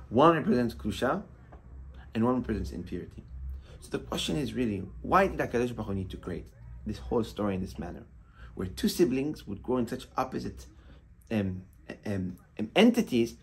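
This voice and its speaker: A rabbi delivers a sermon in a husky, breathy voice, his pitch swinging widely as he builds emphasis. He preaches with passion, pressing his points hard and folding Hebrew terms into the flow. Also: sing-song, fairly quick.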